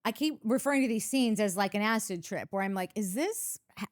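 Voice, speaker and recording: A woman's voice: mid-range voice, fast. A woman co-hosting a podcast, reading listener comments in a chatty way that keeps slipping into laughter. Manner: giggly, chatty, trails into laughter. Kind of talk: casual chat.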